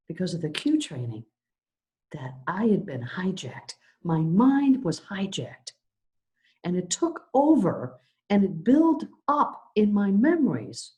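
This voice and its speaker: A middle-aged woman minister giving a sermon, telling a personal story and acting out the voices in it. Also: mid-range voice. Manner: animated, acts out her own story.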